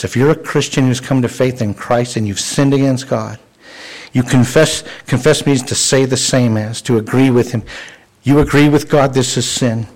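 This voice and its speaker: A man's voice: mid-range voice, moderate pace, darkish tone, poor audio. Male pastor, mid-range voice, conversational sermon delivery with restarts. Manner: earnest, conversational preaching with frequent restarts.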